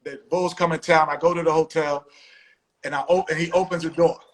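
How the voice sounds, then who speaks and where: A man hosting a casual live-stream chat, telling a story with lively acted-out quotes. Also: on the high side, fairly quick, rough recording. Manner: animated storytelling, acts out quotes. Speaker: host.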